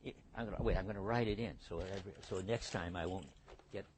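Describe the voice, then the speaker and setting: Older male professor, lecture hall, halting delivery full of restarts. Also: deep voice, slight background noise. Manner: halting, restarts and thinks aloud. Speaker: philosophy lecturer. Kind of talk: university lecture.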